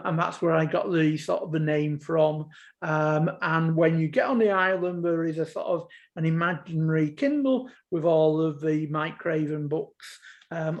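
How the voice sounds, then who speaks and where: A man hosting a book club podcast on a video call, asking friendly, halting questions. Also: high voice. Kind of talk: podcast interview.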